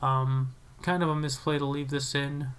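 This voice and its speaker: A young man casually commentating his own card game match, excitable and self-critical, with frequent restarts. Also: medium pitch, moderate pace, smooth.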